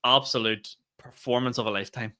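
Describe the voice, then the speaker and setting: A young Northern Irish man telling a long, animated story on a casual podcast, cursing freely and laughing as he goes. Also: mid-range voice, brisk, clean tone. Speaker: podcast co-host.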